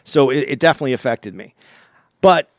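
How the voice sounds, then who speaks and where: A man's voice: mid-range voice, expressive, brisk, dry recording, clean studio sound. A man, a comedian who works as an opening act, confronting his podcast partner in a heated conversation and often stammering and restarting his sentences.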